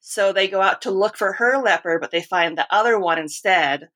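A woman's voice: medium pitch, moderate pace, a bit bright. A woman hosting a podcast, telling a rambling story in casual chat. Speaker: podcast host.

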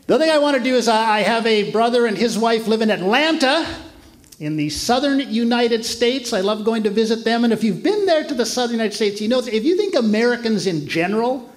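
A man's voice: extremely high pitch, expressive, brisk. A man from Canada performing a stand-up set in a theatre, chatty, wry and self-deprecating. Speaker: stand-up comedian. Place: theatre stage before a live audience. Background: audience laughter.

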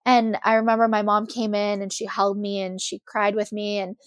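A woman's voice: medium pitch, monotone, normal speed, dry recording, clean studio sound. A young woman guest on a podcast, candidly and animatedly telling a personal story with many fillers.

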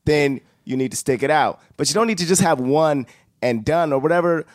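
A man speaking as a guest on a casual podcast chat, frank, with halting starts and chuckles. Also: on the high side, animated, no room sound, studio quality.

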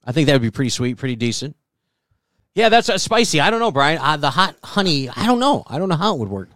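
A man's voice: on the high side, big pitch swings, quick pace, fairly bright tone, no room sound, clean studio sound. A man co-hosting a comedy podcast, reading offbeat news items and trading profane jokes. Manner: profane, jokey, reads news items aloud. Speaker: co-host. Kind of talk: crude comedy podcast banter.

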